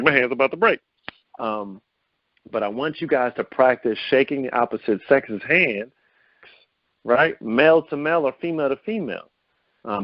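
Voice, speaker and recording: An upbeat male coach talks through a group call with lively pitch swings, peppering his listeners with rhetorical questions. His voice has a medium pitch and comes over dull, lo-fi phone-call audio with a dry, close sound. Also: no room sound. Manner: lively pitch swings to show vocal variety. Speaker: host of a confidence coaching call. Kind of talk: motivational teleconference talk.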